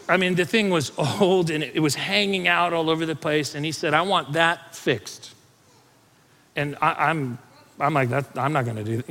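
A male pastor delivers a sermon in a casual, storytelling way, reading scripture and then spinning an animated anecdote. His voice sits a little high for a man. It carries a long reverb, as if spoken in a church hall. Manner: conversational, animated storytelling with laughs.

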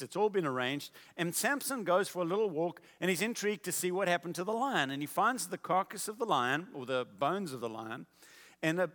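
A man preaching a sermon, telling a story in a casual, animated way. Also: on the high side, long reverb tail.

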